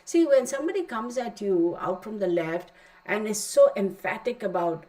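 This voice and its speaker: Middle-aged woman tarot reader, mid-pitched, talky and rambling, firm advice. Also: expressive, moderate pace, dark tone, poor audio. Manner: chatty and rambling, emphatic asides. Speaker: tarot reader teaching a class. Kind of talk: casual spoken class.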